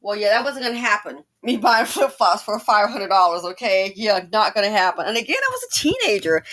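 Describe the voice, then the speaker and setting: Talking briskly with hardly a pause, this woman has a medium-pitched voice as she hosts a casual commentary channel monologue. She speaks right to her audience, animated, full of exclamations and wandering tangents.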